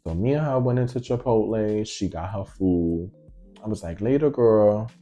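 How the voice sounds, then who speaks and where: A man casually telling a story to his viewers in a slangy, animated way, acting out each side of the conversation. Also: lowish voice, normal speed, faint music behind.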